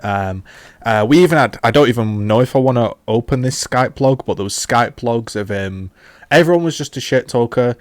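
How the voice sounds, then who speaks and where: A man's voice: medium pitch, normal speed, dry recording. A man, a gaming YouTuber casually rambling through a retrospective with many fillers and restarts.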